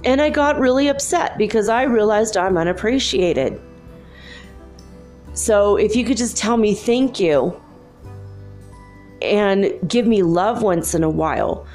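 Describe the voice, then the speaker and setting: A woman voicing a self-pitying household toilet that complains slowly and pleads for gratitude. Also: medium pitch, animated, a little mellow, soft background music, close to an everyday voice. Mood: aggrieved.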